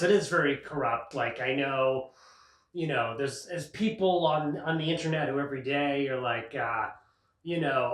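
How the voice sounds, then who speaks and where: Recorded from afar in a roomy space, this male show host talks at a moderate pace in a mid-range, somewhat bright voice. He riffs sarcastically, wanders through a long monologue, and cracks himself up along the way.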